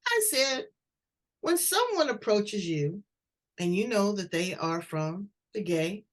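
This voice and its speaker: A woman's voice: mid-range voice, takes it slowly. A woman hosting an interview, chatty and blunt, telling stories as she asks questions. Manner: blunt, chatty, animated storytelling. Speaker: talk show host. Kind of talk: interview, casual chat.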